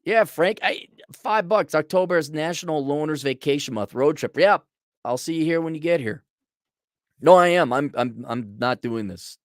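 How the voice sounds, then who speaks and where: A man's voice: medium pitch, no echo, studio quality. A middle-aged man and consultant delivers a blunt, profane, exasperated rant to camera. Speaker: consultant and vlogger.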